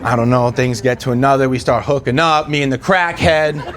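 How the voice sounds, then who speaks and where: A young man from the East Coast of the US doing a stand-up set, telling stories with lots of swagger and jumping into squeaky voices for the people in them. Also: brisk, some chatter behind. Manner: animated storytelling, jumps into high squeaky voices for characters. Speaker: stand-up comedian.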